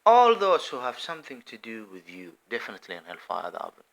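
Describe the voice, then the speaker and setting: A man delivers a passionate religious monologue in a bright, forward voice. His pitch leaps widely as he stresses points. He swings between forceful outbursts and low, hushed asides. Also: huge pitch swings, fast, gravelly. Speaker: religious commentator. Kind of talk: impassioned monologue.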